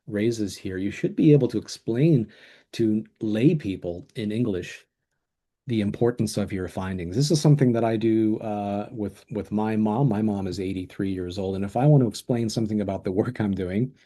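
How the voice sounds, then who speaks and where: A man's voice: lowish voice, moderate pace, mellow. A middle-aged man co-hosting a webinar on a video call, speaking reflectively, agreeing with his co-presenter and stumbling a little. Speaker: webinar co-host. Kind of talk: webinar discussion. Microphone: desk microphone on video call.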